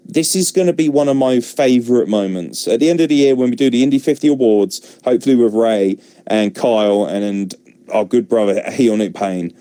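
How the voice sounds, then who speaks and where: A young man hosting a podcast, recapping an event in a casual, excitable monologue that is full of swearing and laughter. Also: medium pitch, a little fast, dry recording. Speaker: podcast host.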